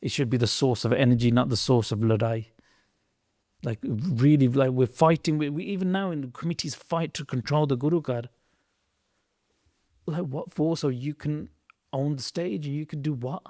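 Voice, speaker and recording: Guy on a podcast telling history all fired up and preachy, mid-pitched voice, dry close sound. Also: moderate pace, dry recording. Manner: earnest, preachy, swings between loud emphasis and quiet asides. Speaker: podcast storyteller. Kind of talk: impassioned historical storytelling in a podcast chat.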